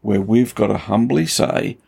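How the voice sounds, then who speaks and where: A man with a low voice full of gravel and a husky, rough edge speaks as a pastor. He teaches scripture in relaxed conversation and builds emphatic intensity as he tells the story. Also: a little slow.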